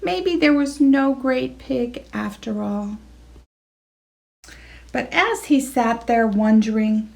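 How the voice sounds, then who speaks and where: A woman reading a children's picture book aloud, slow and expressive, jumping up in pitch for the animals. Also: creaky. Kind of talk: read-aloud storytelling.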